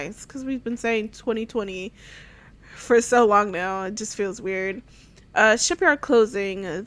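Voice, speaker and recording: A woman gaming streamer giving casual commentary, giggling, stumbling over words as she reads aloud, and swearing casually. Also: a little high. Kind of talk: casual let's-play commentary.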